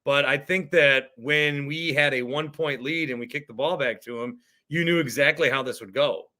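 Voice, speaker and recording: A man's voice: medium pitch, normal speed, bright, forceful tone. A man hosting a sports podcast, ranting in an exasperated, worked-up way about a football game. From Wisconsin. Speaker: podcast host. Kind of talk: sports talk rant.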